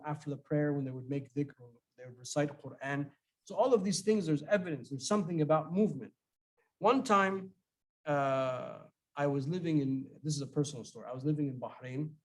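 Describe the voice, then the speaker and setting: A middle-aged man with a somewhat high voice, giving a relaxed question-and-answer talk as a religious scholar. He talks in a loose, conversational way and tells personal stories. He often stops and restarts his sentences. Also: poor audio. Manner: conversational, storytelling, with many restarts. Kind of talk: informal Q&A talk.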